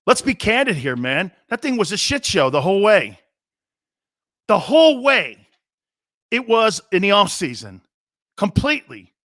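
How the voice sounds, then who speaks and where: A man's voice: sits high, bright, forceful tone, dry recording, studio quality. A middle-aged man hosting a sports talk show, ranting with sarcasm and mocking asides. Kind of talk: opinionated sports commentary.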